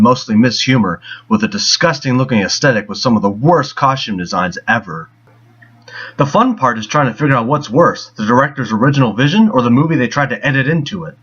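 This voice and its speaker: Male film reviewer, mid-pitched, husky and mocking, scripted. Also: a bit bright. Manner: sarcastic, mocking. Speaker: movie reviewer. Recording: dull lo-fi voice.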